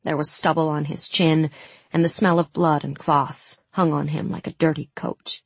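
A woman narrating a first-person fantasy audiobook in a measured way, giving the characters' lines some heat. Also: deep voice, level tone, breathy edge, no room sound.

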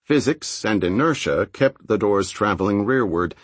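A man reading a thriller audiobook in a steady, low-key scripted narration. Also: normal speed, breathy edge, no room sound.

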